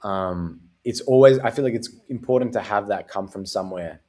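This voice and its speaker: A man's voice: fairly low pitch, normal speed, warm tone. A man hosting a podcast in casual chat, talking in loose, rambling runs full of fillers and the odd swear word. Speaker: podcast host.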